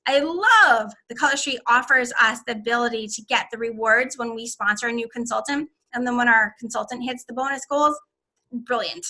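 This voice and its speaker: A woman's voice: fairly high pitch, moderate pace, pushed and bright. A woman who leads a direct sales team, talking in a podcast interview in an upbeat, persuasive coaching manner.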